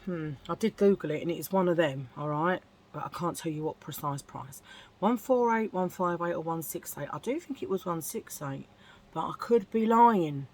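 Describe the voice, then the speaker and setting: A woman's voice: lowish voice, moderate pace, darkish tone. Chatty self-mocking woman. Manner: chatty, self-mocking, laughs at her own jokes. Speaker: beauty vlogger. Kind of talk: casual get-ready-with-me chat.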